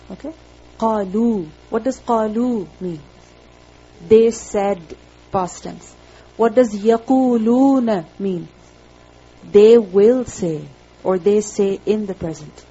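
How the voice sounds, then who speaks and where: Patient woman teacher, a little high-pitched, checking in often, with a faint hiss behind her. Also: mellow, dull audio. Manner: checks in with frequent "okay?"; patient, reassuring. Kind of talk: classroom grammar lesson.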